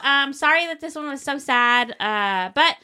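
A woman's voice: high voice, lively intonation, normal speed, bright, forceful tone. A woman co-hosting a podcast in casual chat, telling anecdotes with a lot of laughter and acting out the voices of the people in them. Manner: chatty, laughs often, acts out voices in anecdotes. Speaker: podcast co-host.

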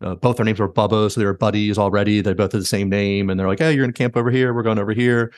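A man hosts a casual podcast chat, rattling through stories at a brisk clip and leaning on "like". His voice sits on the low side. The sound is close and dry. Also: dry recording. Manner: animated retelling, heavy use of "like". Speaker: podcast host.

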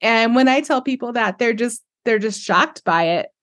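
A woman hosting a podcast, talking in a relaxed, friendly way in casual interview chat. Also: fairly high pitch, normal speed, no room sound, clean studio sound. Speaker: podcast host.

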